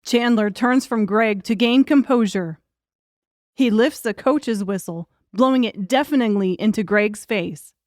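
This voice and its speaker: A woman's voice: on the high side, measured pace, darkish tone, no echo. Woman narrating a wry crude audiobook. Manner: wry, crude comic storytelling.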